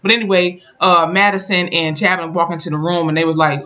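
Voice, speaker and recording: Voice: medium pitch, level tone, fairly quick, pushed and bright, dull audio. A YouTuber recapping and reviewing a TV episode in a casual, colloquial way, telling the story with lots of emphasis. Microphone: camera mic.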